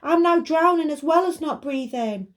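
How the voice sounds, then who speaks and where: A woman's voice: high voice, lively intonation, moderate pace, pitched above the performer's own voice. A woman voicing a squashed, complaining male character who wails for help. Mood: wailing. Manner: wailing and muffled.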